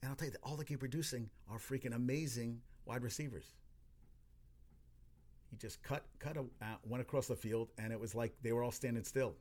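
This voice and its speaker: A man's voice: medium pitch, steady tone, brisk, a little mellow. A man giving casual, rambling sports talk, full of cursing, restarts and exclamations.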